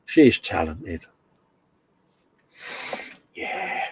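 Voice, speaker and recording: A man's voice: low voice, very animated, drawn-out words, a little hiss or hum. A British man hosting a casual model-building livestream from a home workshop, chatting in a chummy, matey way and reading out viewer comments. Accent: British English. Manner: chummy and matey, calls everyone mate.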